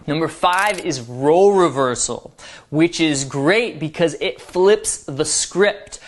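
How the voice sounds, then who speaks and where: A man's voice: fairly high pitch, slow pace, slight background noise. A man giving dating advice as a coach, explaining in a playful, upbeat way. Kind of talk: instructional talk to camera.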